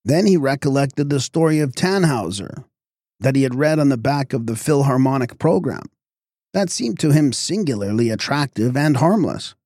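A man reading a story aloud as narrator in a measured, even way. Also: medium pitch, no echo, studio quality. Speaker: audiobook reader. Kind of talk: scripted narration.

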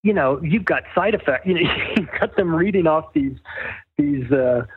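A man's voice: a little high, lively intonation, normal speed, husky, no room sound. A man being interviewed as a guest author, talking in a wry, rambling, sardonic way as he tells stories. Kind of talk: casual interview storytelling. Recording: tinny phone-line call, dry.

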